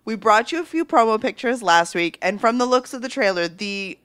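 A woman's voice: on the high side, lively intonation, fairly quick, a bit bright, smooth. A woman co-hosting a pop culture show, chatting casually and reading entertainment news in a bubbly, playful way. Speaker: podcast co-host.

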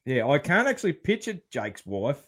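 A man's voice: fairly high pitch, huge pitch swings, normal speed, a bit bright. An Australian man hosting a casual podcast chat, loose and sweary, laughing often. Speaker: podcast host.

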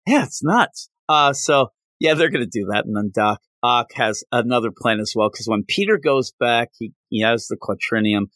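A man hosting a podcast, recapping a comic book in a casual, animated way and acting out the characters' lines. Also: medium pitch, moderate pace, few pauses, no room sound. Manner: animated storytelling, acts out quotes, laughs often. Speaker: podcast host.

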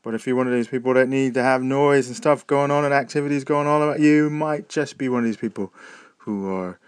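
A man from the United States whose American accent has partly softened after years in Britain, talking casually in an audio diary with lots of ums and uhs. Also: medium pitch, a little fast, clean tone, dry recording. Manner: rambling, many ums and uhs and self-corrections. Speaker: audio blogger.

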